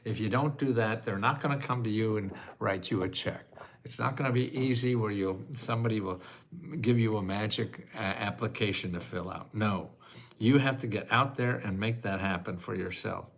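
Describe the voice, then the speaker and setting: An American man in his eighties hosting a casual livestream chat, self-mocking and quick to laugh, sometimes choking up with emotion. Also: fairly low pitch, creaky, a bit bright. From United States. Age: 80s. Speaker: host answering viewer questions.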